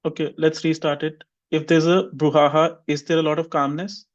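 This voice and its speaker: Brief: male English teacher on a video call, higher voice, quizzes students one by one, dull audio. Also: level tone, normal speed. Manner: questions students by name, drills repetition. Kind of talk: online class teaching.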